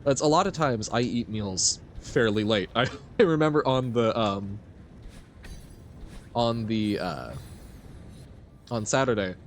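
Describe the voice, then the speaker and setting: A man's voice: fairly low pitch, lively intonation, slow, long pauses, slight background noise. A man streaming a video game live, chatting casually with his viewers, rambling and often laughing. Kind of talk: casual chat while playing a game live.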